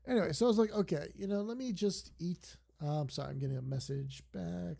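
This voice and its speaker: Rambling young man with a gravelly voice. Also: high voice, fast, hardly any pauses, mellow. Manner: rambling, digressive storytelling. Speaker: streamer. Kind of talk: casual stream chat while gaming.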